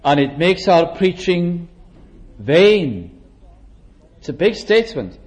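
Measured preacher with a higher voice. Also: male voice, big pitch swings, darkish tone, lo-fi sound. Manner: measured, slows down to stress scripture quotations; occasional throat clearing and restarts. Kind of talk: sermon. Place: church service.

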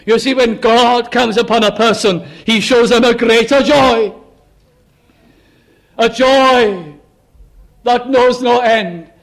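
A man's voice: extremely high pitch, steady tone, takes it slowly, creaky, long pauses. A man preaching a sermon with fervent, rhythmic emphasis and repeated refrains. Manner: fervent, rising to emphatic repeated cries then dropping to hushed close.

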